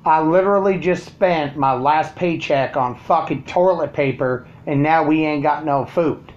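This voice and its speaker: A man's voice: fairly high pitch, a little slow, a little mellow. Brash ranting man, lo-fi sound. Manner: crude, sarcastic, brash. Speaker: vlogger. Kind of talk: profane ranting monologue. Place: at home.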